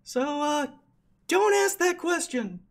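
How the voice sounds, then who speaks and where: Mister Smimbly Whiskers, a man doing a squeaky stammering kobold. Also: animated, takes it slowly, heavily acted. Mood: nervous. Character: timid little male kobold servant, nervous, stammering.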